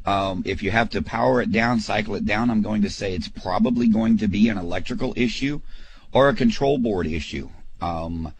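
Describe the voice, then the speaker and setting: A man co-hosting a home improvement radio show, explaining fixes in a steady, expert way. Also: lowish voice, normal speed, a little hiss or hum, low-quality recording. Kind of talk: call-in radio advice.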